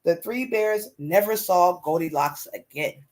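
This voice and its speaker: A woman reading a children's story aloud in an expressive, animated way. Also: fairly low pitch, measured pace. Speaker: storyteller host.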